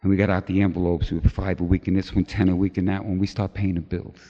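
Man telling a lively recovery story. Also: deep voice, fast talker. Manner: animated storyteller, acts out voices of others. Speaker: recovery meeting speaker. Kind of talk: personal recovery story told to a crowd. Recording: dull lo-fi recording with long hall reverb.

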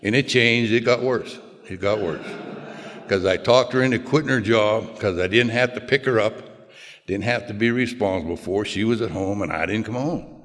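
A man's voice: on the low side, brisk, fairly bright tone. An older man telling his own story in a folksy, plain-spoken way with self-mocking humor. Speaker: speaker sharing his story. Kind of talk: personal storytelling talk. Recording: long hall reverb.

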